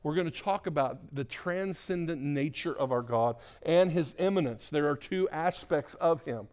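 A male pastor preaches a church sermon in a fairly high voice at a moderate pace, with few pauses. He swings from loud, emphatic exhortation to soft, hushed prayer, repeating words and restarting mid-phrase.

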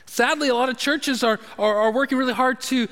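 A man's voice: extremely high pitch, fairly quick, a bit bright. A man preaching a sermon as pastor, emphatic and repetitive, often restarting his phrases. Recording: long hall reverb.

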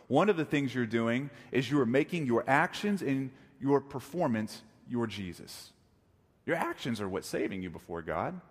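Animated preacher man in a reverberant hall. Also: fairly high pitch. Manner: emphatic and jokey, with repetition for stress. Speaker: pastor. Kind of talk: sermon. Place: church sanctuary. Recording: long reverb of a church hall.

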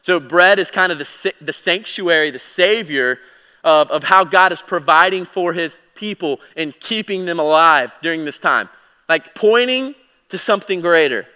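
A man delivers a Bible teaching with a bright, smooth, resonant voice, slightly higher than most men. He talks casually, correcting himself as he goes, then grows emphatic on key points. The sound carries a long hall-like reverb. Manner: conversational, with fillers and self-corrections; emphatic, swinging louder and quieter. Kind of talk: sermon teaching.

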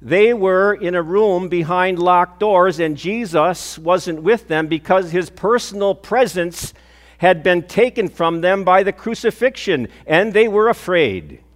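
Older pastor preaching in a reverberant church. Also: male voice, high-pitched, expressive, unhurried. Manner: earnest storytelling preacher, rising with emphasis and dropping soft on key phrases. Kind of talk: sermon. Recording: long hall reverb.

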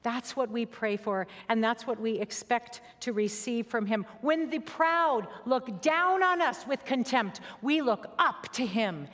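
Woman, sermon, earnest and conversational, fairly high voice, soft near-whispers, long hall reverb. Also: lively intonation, a little slow. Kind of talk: sermon with personal story.

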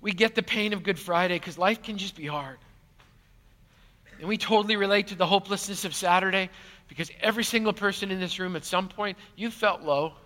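Male pastor, bright, high voice, animated sermon delivery, big reverberant church hall. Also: fairly quick. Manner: animated, swings from loud to hushed. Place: large church auditorium.

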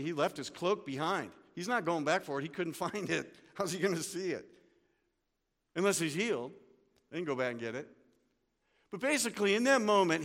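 Male pastor, sermon delivery, hushed-to-loud swings, long church reverb. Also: a little high.

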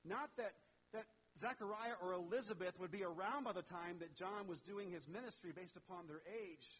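A man's voice: high voice, moderate pace, a bit bright, breathy edge, low-quality recording. A man preaching a sermon in a conversational way, asking questions and acting out the characters in the story. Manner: conversational, asks the audience questions, acts out voices. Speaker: pastor.

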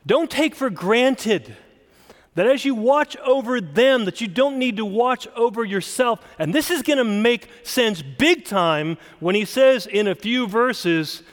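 Male pastor, sermon delivery: slow, deliberate, emphatic, leaning hard on single words; high, animated pitch. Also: in a large hall. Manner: emphatic expository preaching, stressing single words.

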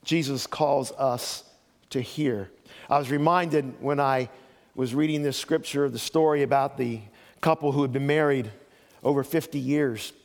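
A man's voice: medium pitch, fairly even intonation, measured pace, long reverb tail. An older man preaching a sermon as pastor, telling folksy stories with joking asides.

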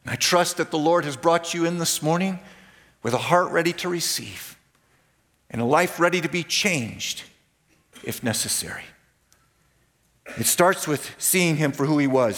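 A man preaching a sermon as pastor, emphatic, repeating key phrases and slowing down to stress points. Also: on the high side, expressive, fairly bright tone, in a large hall. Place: church sanctuary.

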